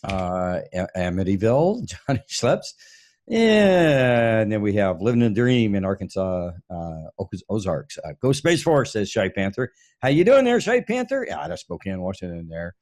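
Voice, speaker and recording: Male live-stream host from the Pacific Northwest, lively pitch, easygoing and chuckling, reads listener names aloud. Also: normal speed. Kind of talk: casual live-stream chat.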